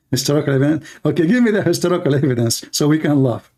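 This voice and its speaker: A man's voice: a little high, animated, quick pace, dark tone. Blunt man with an Arabic first language. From Middle East. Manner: blunt, mocking, repeats his questions. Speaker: host of a live-stream debate show. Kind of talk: combative live-stream debate.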